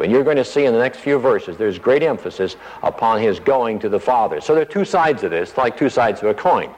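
A man's voice: medium pitch, expressive, fairly quick, hardly any pauses. A man teaching a passage verse by verse. He explains single words and acts out the quoted lines. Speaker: preacher. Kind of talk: expository Bible teaching. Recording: dull sound in a hall with reverb.

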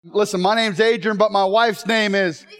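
Male chapel speaker, very high voice, humorous storytelling sermon. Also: fairly even intonation, normal speed, soft background music. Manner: joking, then emotional and shouting.

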